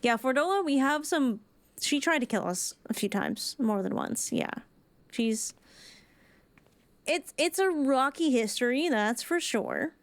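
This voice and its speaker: Chatty high-voiced woman game streamer. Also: animated, a little slow, long pauses, dry recording. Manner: chatty, playful, rambling asides. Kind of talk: casual let's-play commentary.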